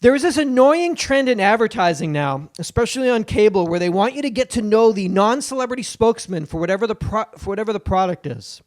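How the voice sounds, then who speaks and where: A man doing an impression of a cranky older male stand-up comedian, ranting loudly with punchline beats. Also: high-pitched, lively intonation, fast, few pauses. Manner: loud indignant rant with punchline beats.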